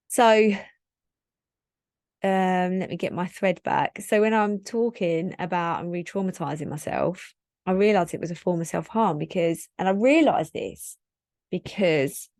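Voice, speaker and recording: A woman's voice: on the low side, a little mellow, no room sound, clean studio sound. A woman in her thirties hosting a solo podcast, talking in a candid, reflective, rambling way with lots of "like" fillers. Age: 30s. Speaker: podcast host.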